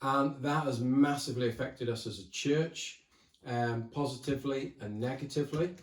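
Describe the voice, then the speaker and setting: A man's voice: medium pitch, moderate pace. A man, a guest pastor chatting casually and jokingly on a podcast. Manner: chatty, jokey, laughing as he talks. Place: church cellar. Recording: roomy, distant mic.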